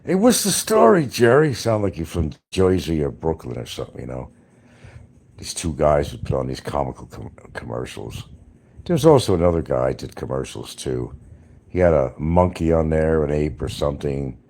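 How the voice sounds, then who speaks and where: Very deep-voiced rambling man. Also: lively intonation, normal speed, creaky, dark tone. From New York. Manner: rambling, talks straight to viewers. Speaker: livestreamer. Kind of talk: casual livestream chat.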